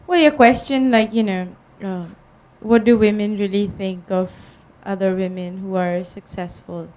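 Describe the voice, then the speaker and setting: A businesswoman with an Indian accent, speaking on a panel and telling lively anecdotes with frequent laughter. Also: medium pitch, a little slow. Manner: animated storytelling, laughs often.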